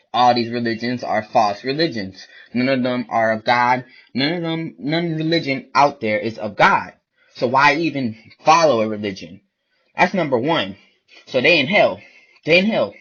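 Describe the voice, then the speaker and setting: An online video preacher with a medium-pitched, husky, fairly bright voice delivers a blunt, profane ranting monologue about faith that keeps repeating itself. The recording is dull and lo-fi.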